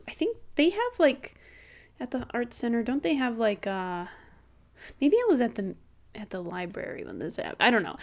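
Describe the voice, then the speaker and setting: A young woman co-hosting a podcast in casual chat, rambling with lots of fillers and laughing easily. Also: medium pitch. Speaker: podcast co-host.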